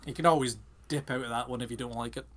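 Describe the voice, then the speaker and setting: A man co-hosting a casual podcast, talking quickly and enthusiastically with lots of fillers. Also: mid-range voice, fairly even intonation, over a noisy crowd. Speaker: podcast co-host. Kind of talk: casual chat.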